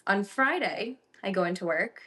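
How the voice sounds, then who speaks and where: A woman's voice: medium pitch, animated, normal speed, bright, forceful tone. A young woman co-hosting a casual podcast, telling a personal story animatedly with lots of "like" fillers. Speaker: podcast co-host.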